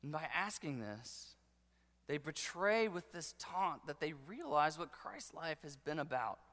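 A man preaching a sermon with passion, dropping to a hush and then rising to loud declarations. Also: a little high, lively intonation, unhurried. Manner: impassioned preaching, swinging between hushed and loud. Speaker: pastor. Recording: long hall reverb.

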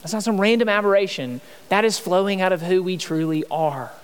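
High-voiced pastor preaching in a reverberant hall. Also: male voice, a little fast, clean tone. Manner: conversational preaching with rhetorical questions. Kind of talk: sermon.

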